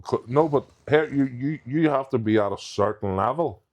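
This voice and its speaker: A man's voice: mid-range voice, normal speed, a little mellow, highs cut off. A man, a professional strongman guest on a podcast, talking frankly and matter-of-factly and laughing easily. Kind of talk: casual chat.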